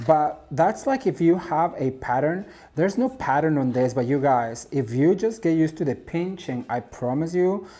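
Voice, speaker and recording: A man's voice: mid-range voice, dark tone. A man from Mexico hosting a home decor craft tutorial, chatty and gushing, calling his viewers "you guys" and "honey" as he works at his craft table at home.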